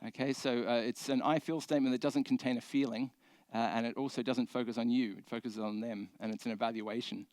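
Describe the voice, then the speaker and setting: A man's voice: medium pitch, fairly even intonation, fairly quick, darkish tone, no room sound. A man giving a conference talk from a stage, speaking conversationally with many fillers and restarts.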